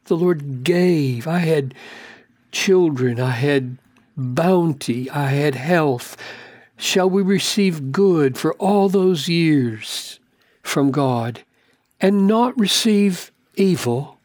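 A grieving older man, as a preacher puts him on, gently rebukes his wife in a slow, husky voice. The tone is tender and pleading and climbs into earnest emphasis, and the sound is dry and close. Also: a little high, animated, no echo, voice pushed up, full character voice.

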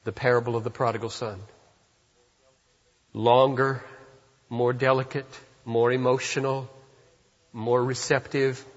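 A man preaching a sermon as pastor, moving from hushed, slow reflection to loud, emphatic passages. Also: mid-range voice, level tone. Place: church sanctuary. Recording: dull reverberant church hall.

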